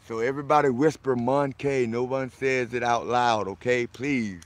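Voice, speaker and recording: A man's voice: mid-range voice, steady tone, a little slow. A man from Florida hosting a casual livestream, boisterous and friendly, greeting viewers by name as he answers their comments.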